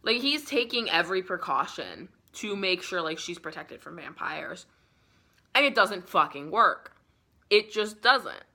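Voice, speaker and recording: A woman's voice: fairly low pitch, big pitch swings, a little slow, bright, forceful tone. A young woman in her twenties, a bit tipsy, casually retelling a classic novel with lots of swearing and filler "like". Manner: rambling, profane, heavy use of "like". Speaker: book vlogger. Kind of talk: casual book summary.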